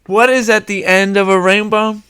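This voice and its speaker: A man's voice: sits high, fairly even intonation, normal speed, bright, forceful tone, smooth. A young man hosting a casual podcast, playful and teasing, often laughing. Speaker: podcast host.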